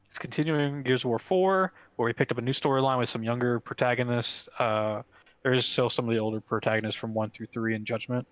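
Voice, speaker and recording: A man co-hosting a gaming podcast in casual chat, excitable and rambling with lots of filler words. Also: medium pitch, fairly quick, no echo, poor audio. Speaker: podcast co-host.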